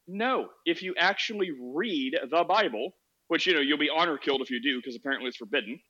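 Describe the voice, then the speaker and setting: A man's voice: on the high side, animated, a little fast, sharp tone, muffled recording. A man hosting a podcast, telling a story in a sarcastic, laughing, casual way on a social audio app. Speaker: podcast host.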